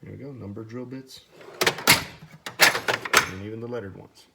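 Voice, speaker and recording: A man's voice: on the low side, fairly even intonation, a little slow, vocal fry, heavy background noise. A man who runs a car repair shop, showing his workshop in a profane, rambling, casual way. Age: adult with children. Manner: profane, ranting, casual bro talk. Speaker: auto mechanic and shop owner. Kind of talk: unscripted workshop tour.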